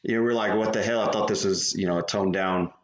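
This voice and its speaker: A man with a low voice chats easily on a podcast, agreeable and prone to trailing off. His voice rings around an echoey room. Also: fairly even intonation, fast talker, crowd noise. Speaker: podcast co-host. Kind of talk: casual chat.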